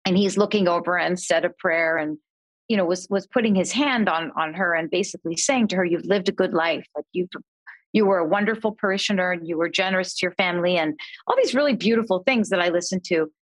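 Middle-aged woman, podcast guest, animated storyteller, dry close-mic read. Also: on the low side, quick pace, no echo. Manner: animated storyteller, voices quoted family members. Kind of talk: conversational storytelling.

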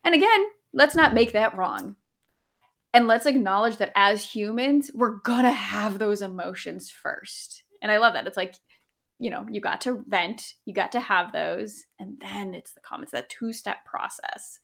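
A woman's voice: medium pitch, unhurried, vocal fry. Woman, mid-range voice, conversational coach, reflective, laughs often. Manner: warm, reflective, laughs easily, many fillers. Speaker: guest coach. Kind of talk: casual conversational interview.

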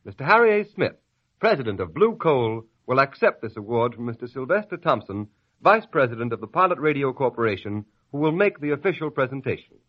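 A man's voice: mid-range voice, big pitch swings, a little fast. A man working as a radio announcer, giving a formal 1930s-style introduction. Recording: dull old radio recording.

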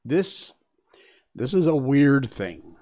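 A man's voice: medium pitch, big pitch swings, slow, a little mellow. A man hosting a show, reading news stories aloud and reacting with chatty, exclaiming asides. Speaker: show host. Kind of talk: casual commentary on news stories.

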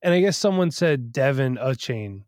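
A man's voice: medium pitch, animated, normal speed, darkish tone, no room sound, studio quality. Candid, cursing man chatting on a podcast. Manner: candid, profane, storytelling. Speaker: podcast co-host. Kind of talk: casual chat. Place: home studio.

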